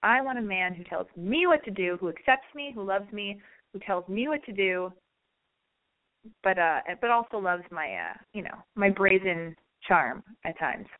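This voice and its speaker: A woman's voice: mid-range voice, animated, moderate pace. A chatty, brash woman hosting a podcast, telling a story in a casual monologue. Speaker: podcast host. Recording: narrow phone-like sound.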